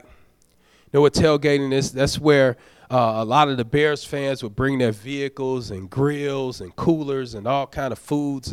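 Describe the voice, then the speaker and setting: A man's voice: mid-range voice, clean tone, no echo, clean studio sound. A man, a deacon, preaching a sermon, urging the congregation in a conversational, folksy way and prodding them for amens. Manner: exhorting, prods the congregation for amens.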